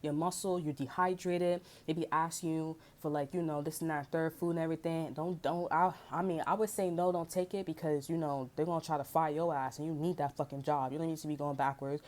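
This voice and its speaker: A woman's voice: sits low, fairly even intonation, brisk, hardly any pauses, darkish tone. Blunt, profane woman talking street slang. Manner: frequent throat clearing. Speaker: tarot reader. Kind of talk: casual unscripted tarot reading monologue.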